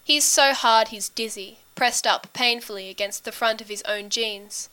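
A woman narrating a story as an audiobook reader, in a steady, intimate storytelling manner. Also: on the high side, moderate pace.

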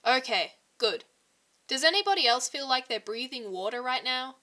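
A woman voicing an excitable young man who teases and wheedles his friends. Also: high-pitched, moderate pace. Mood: playful. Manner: eager, teasing, wheedling.

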